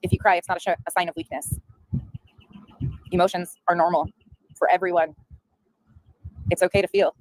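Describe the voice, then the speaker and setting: A woman's voice: lowish voice, level tone, a little mellow, dry recording, rough recording. A woman streamer ranting bluntly on a livestream, swearing heavily. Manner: fast, blunt, heavy swearing. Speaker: streamer in the reviewed clip. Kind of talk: livestream rant.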